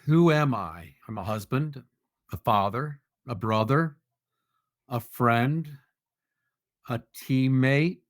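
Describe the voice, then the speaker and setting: A man's voice: medium pitch, animated, slow, pauses often, no room sound, studio quality. A man speaking as a podcast guest, answering in an earnest, reflective way with light self-deprecating humor. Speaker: podcast guest, security officer. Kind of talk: conversational interview answers.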